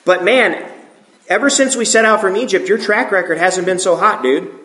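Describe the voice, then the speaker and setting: A man's voice: sits high, moderate pace, sharp tone, roomy sound, pitched above the performer's own voice. A man voicing a fretful male Israelite wanderer who complains to his leader in slangy, sarcastic talk. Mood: complaining.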